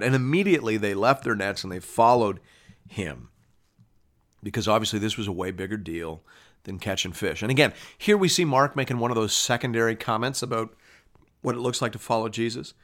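A man's voice: lowish voice, brisk, fairly bright tone. A man who pastors and teaches the Bible on a radio program. He reads scripture and explains it in a conversational way, often checking in with "right?" and restarting phrases. He lifts his voice sharply when he presses a point.

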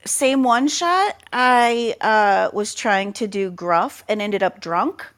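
A woman in casual chat about running tabletop games. She talks in an animated, playful way and slips into silly voices. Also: medium pitch, takes it slowly. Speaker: tabletop game master, podcast panelist.

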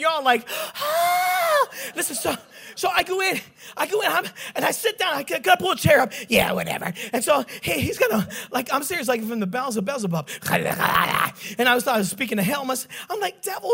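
A middle-aged man preaching a joking, animated sermon story and acting out the voices in it. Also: very high voice, vocal fry, breathy edge.

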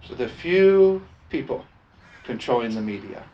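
A man's voice: mid-range voice, very animated, measured pace, lo-fi sound. A man preaching a sermon as pastor, emphatic and repetitive, calling for responses from the congregation.

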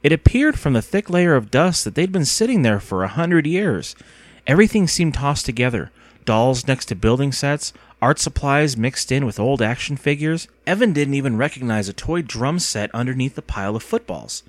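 A man narrating a children's story in an expressive, storytelling way. His voice rises and falls a great deal. The recording is close and dry, with no room sound. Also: medium pitch, moderate pace, dry recording. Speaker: audiobook narrator. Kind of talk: scripted narration.

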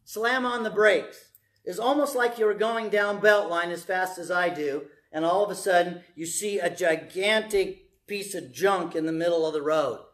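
A male pastor preaching a sermon to a congregation in church, emphatic, moving from hushed to loud. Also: high-pitched, normal speed.

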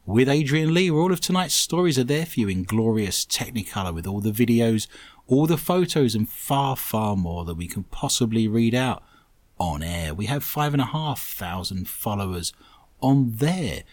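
A man's voice: medium pitch, lively intonation, normal speed, a little mellow, no echo. Jokey male radio host. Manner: jokey, reads listener messages with puns. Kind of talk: comedic radio show banter.

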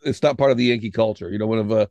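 A man's voice: on the low side, fairly even intonation, very fast, darkish tone, no echo. A man from Washington State co-hosting a casual political chat, lecturing in a musing way and often starting with "I mean". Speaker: podcast co-host.

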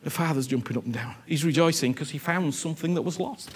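A man preaching a sermon, earnest and animated, repeating himself and often asking whether he is understood. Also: a little high, quick pace, husky.

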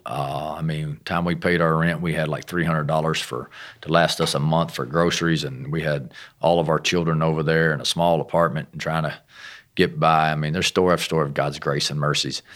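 A middle-aged American missionary with a low, gravelly voice tells a personal story in a relaxed way. He pokes fun at himself and acts out bits of dialogue as he goes. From United States. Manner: animated storyteller, self-deprecating humor, acts out dialogue. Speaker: missionary guest. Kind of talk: casual storytelling testimony.

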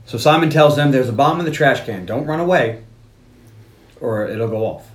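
A man on a podcast, recapping a film in a lively way and acting out its lines in voices. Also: medium pitch, normal speed, echoey room. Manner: animated, acts out movie lines in voices. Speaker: podcast host. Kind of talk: casual movie recap chat.

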